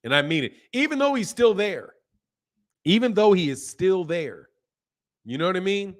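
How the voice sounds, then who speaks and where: Here a boxing channel host talks through his live stream at a moderate pace, his voice sitting high. He's lively and chatty, reading out viewer names from the chat as he goes.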